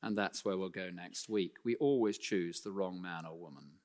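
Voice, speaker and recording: A man preaching a sermon, speaking emphatically and slowing down to read scripture aloud, in a church. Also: low voice. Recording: long hall reverb.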